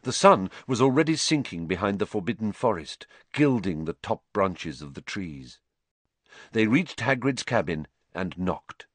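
A man narrating a storybook as an audiobook, with an expressive, dramatic reading. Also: lowish voice, no echo.

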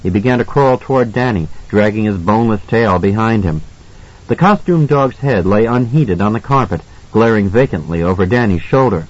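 A man narrating an audiobook in a measured, suspenseful reading style. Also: lowish voice, lively intonation, a little mellow, dull audio. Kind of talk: scripted narration.

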